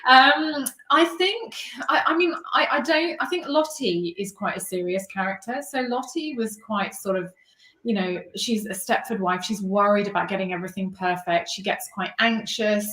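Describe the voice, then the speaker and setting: A woman's voice: medium pitch, normal speed, bright, forceful tone. A woman author being interviewed, talking in a hesitant, self-deprecating way with many restarts. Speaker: author guest. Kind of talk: casual interview chat. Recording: roomy echo.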